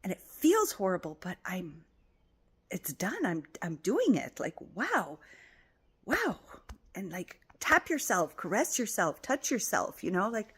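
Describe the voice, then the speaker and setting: A woman giving a casual motivational talk as a spiritual coach, soft and affectionate, repeating encouraging phrases and often dropping to a whisper. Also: medium pitch, wildly swooping pitch, unhurried, slightly rough. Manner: repetitive, encouraging.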